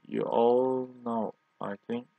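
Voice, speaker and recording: A man's voice: mid-range voice, steady tone, slow, no room sound. A young man, a native Turkish speaker, teaching a language lesson in English and repeating words patiently. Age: young adult. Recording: tinny phone-like audio.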